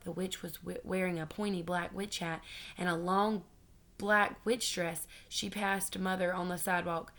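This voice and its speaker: A woman's voice: on the low side, steady tone, normal speed, fairly bright tone. A woman teacher reading a children's storybook aloud to her students, friendly with some hesitant ums.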